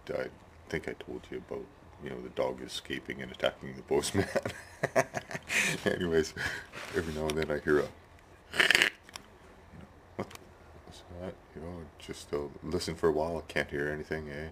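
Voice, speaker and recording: A man's voice: very deep voice, fairly even intonation, a little fast, fairly bright tone, a little hiss or hum. A man rambling casually about his neighbors and his hobby build in his workshop, tagging sentences with "eh". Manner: rambling, chatty, tags sentences with "eh". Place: home workshop shed.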